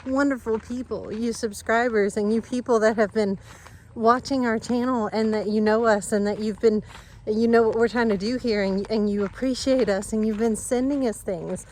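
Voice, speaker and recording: A woman's voice: a little high, steady tone, normal speed, a little hiss or hum. A woman chatting casually to viewers of her farm vlog while she walks outside, rambling and earnest. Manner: rambling, warm, talks to her animals and viewers. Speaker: vlogger on a family farm channel. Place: outdoors on a rural driveway and yard.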